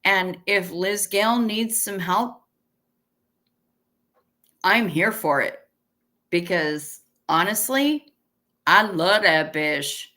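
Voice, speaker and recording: Woman, 50s, livestream host. Unhurried, bright voice; casual, salty, chatty with viewers. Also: mid-range voice. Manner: chatty and profane, thanks viewers. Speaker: livestream host reading chat. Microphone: webcam stream setup.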